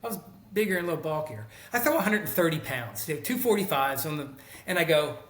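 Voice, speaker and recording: A middle-aged man, a former teacher, recounts stories in a relaxed conversation, slipping into the voices of the people he quotes. His voice sits somewhat high for a man. The sound carries a noticeable room echo. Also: quick pace. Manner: animated storyteller who acts out quoted people. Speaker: guest, former teacher and school counselor. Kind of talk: casual storytelling conversation.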